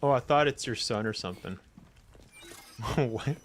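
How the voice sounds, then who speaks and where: A young man streaming a game, excitable and laughing often as he talks to the characters on screen and reacts to chat. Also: mid-range voice, takes it slowly. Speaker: gaming streamer. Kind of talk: casual live-stream commentary. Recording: clear background noise.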